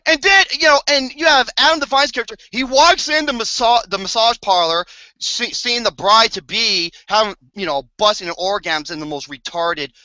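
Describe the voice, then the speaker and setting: A bright, forceful voice rants through a movie review, swearing often and breaking into mock-outraged outbursts. The audio is dull and lo-fi, recorded close and dry with no room sound. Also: medium pitch, moderate pace, dry recording. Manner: profane, exasperated, theatrical outbursts. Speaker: podcast co-host reviewing a movie.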